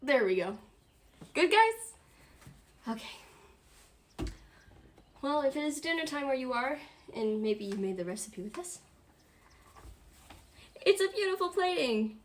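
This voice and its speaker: Bubbly young woman, slightly high voice. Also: big pitch swings, slow, pauses often. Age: 20s. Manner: chatty and giggly, laughs often. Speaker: streamer hosting a dinner stream. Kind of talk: casual livestream chat. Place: at home.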